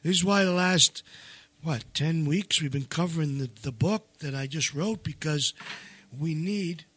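Rambling, emphatic man with a higher voice. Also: a little slow, a bit bright, husky, no echo. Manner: rambling, full of restarts and fillers. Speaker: seminar leader and co-author. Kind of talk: casual promotional chat.

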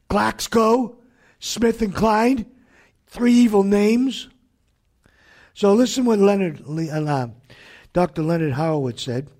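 Fiery husky high-voiced male preacher-host. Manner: combative and fiery, jabbing at his targets with sudden shouted outbursts. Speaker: host of a religious talk broadcast. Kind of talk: ranting preacher-style talk.

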